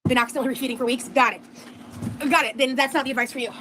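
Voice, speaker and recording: A woman's voice: high voice, fairly even intonation, rapid-fire, heavy background noise. A woman vlogger talking candidly to the camera while moving around her home. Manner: candid, talks straight to camera. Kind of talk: confessional home vlog.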